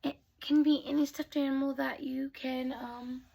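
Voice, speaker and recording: A woman telling bedtime stories to children in a soft voice that often drops to a whisper. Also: high-pitched, little pitch movement, moderate pace, vocal fry. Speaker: storyteller. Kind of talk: bedtime storytelling.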